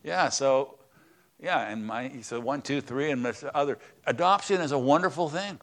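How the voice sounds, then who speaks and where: A man preaching a conversational sermon in a church, swinging between loud, stressed words and quiet asides. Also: mid-range voice, moderate pace. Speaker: pastor.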